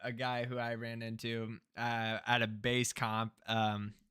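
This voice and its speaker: A man's voice: mid-range voice, monotone, unhurried, bright, forceful tone, clean tone, no room sound, clean studio sound. A man co-hosting a podcast, laid-back in casual chat and laughing along. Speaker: podcast co-host.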